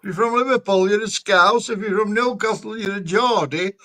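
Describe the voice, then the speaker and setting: A Yorkshire man with a high, bright voice chats away on a live stream. He is blunt, laughs easily and explains things at length in a casual, rambling way. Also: a little fast, poor audio. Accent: Yorkshire English. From Yorkshire, England. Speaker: streamer, truck driver.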